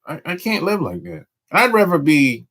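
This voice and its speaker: A man chatting casually on a live stream in loose, slangy speech. He drawls, circles back and repeats his points. His voice is bright and swings widely in pitch. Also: huge pitch swings, normal speed. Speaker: dating coach hosting a live stream.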